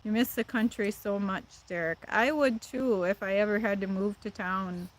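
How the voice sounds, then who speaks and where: A chatty woman with a Midwestern accent hosts a casual livestream. Her pitch sits in a middle range, neither high nor low. She reads viewer comments and answers them with easy laughter. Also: fairly even intonation, normal speed. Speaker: livestream host. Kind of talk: casual live chat with viewers.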